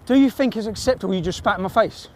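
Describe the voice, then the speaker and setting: In an outdoor car park, a man with a high voice talks very fast, aggressively swearing at a stranger he's confronting on his phone camera. It's a heated street confrontation.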